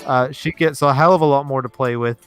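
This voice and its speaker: A mid-pitched man talks loosely over gameplay, stopping and starting as he reads viewer comments aloud. Soft music plays faintly behind his voice. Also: fairly quick. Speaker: co-host reading chat. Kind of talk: casual let's play commentary.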